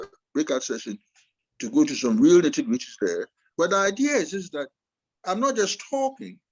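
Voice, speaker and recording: A man giving a master class lecture over a video call, deliberately swinging his voice up and down and slowing down to stress his points. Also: a little high. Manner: animated, swings voice up and down for emphasis. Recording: muffled video call audio.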